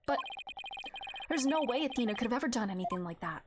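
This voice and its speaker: A woman's voice: a little high, expressive, quick pace, noisy background, natural voice. A woman voicing an anxious, hesitant male defense attorney, reading game dialogue aloud. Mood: worried. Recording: loud game music behind.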